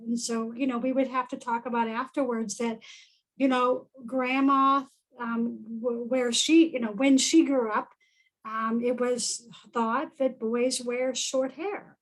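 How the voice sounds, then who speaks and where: Thoughtful woman with a higher voice. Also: steady tone, a little slow, low-quality recording. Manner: thoughtful, many fillers like um and right. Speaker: parenting educator on a webinar panel. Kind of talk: conversational webinar talk.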